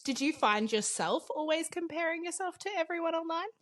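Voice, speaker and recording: A woman in her twenties co-hosting a podcast in casual chat, agreeable and quick to laugh. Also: very high-pitched, animated, a bit bright, no echo. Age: 20s. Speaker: podcast co-host.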